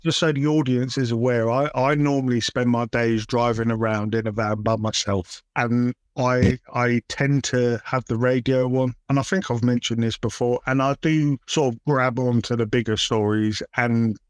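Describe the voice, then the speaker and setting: A man's voice: mid-range voice, steady tone, moderate pace, hardly any pauses, smooth, no echo. A man co-hosting a casual podcast, teasing his partner with dry, wry asides. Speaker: podcast co-host.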